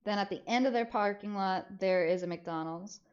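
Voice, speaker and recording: A young woman streamer casually telling a story, animated and swearing freely, acting out the voices of people she quotes. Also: medium pitch, normal speed. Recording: slightly dull lo-fi audio.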